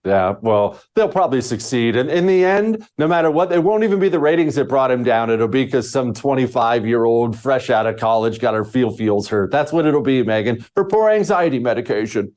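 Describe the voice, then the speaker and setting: A man's voice: mid-range voice, animated, fairly quick, few pauses, a little mellow. A man appearing as a talk show guest, sardonic and opinionated, often stumbling over his starts. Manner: sardonic, stammering restarts. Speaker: guest radio host.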